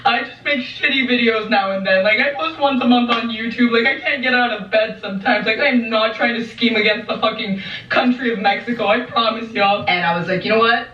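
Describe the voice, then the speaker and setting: A young woman spins an animated, profanity-laced story and slips into voices for the people in it. Her voice sits high and sounds bright. The sound is roomy and a little dull, as if she is some way from the mic. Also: fairly quick, recorded from a distance. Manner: dramatic retelling with heavy swearing and mimicked voices. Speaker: YouTuber telling a story.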